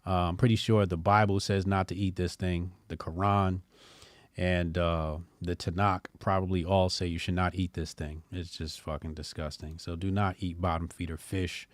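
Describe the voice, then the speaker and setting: A man's voice: low-pitched, level tone, normal speed, dry recording, studio quality. A man hosting a casual opinion show, talking bluntly with rambling, joking asides. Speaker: commentary show host.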